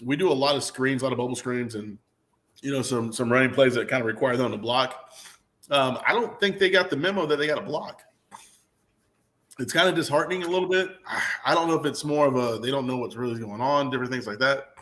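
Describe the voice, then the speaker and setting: A man's voice: medium pitch, brisk. A man in his thirties chatting casually on sports radio, telling jokey stories as a football fan. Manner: joking, animated storyteller. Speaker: guest, Clemson fan.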